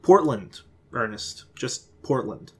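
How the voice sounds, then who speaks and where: A man's voice: mid-range voice, expressive, slow, darkish tone, husky. A man voicing a dry, sarcastic teenage girl who can see ghosts.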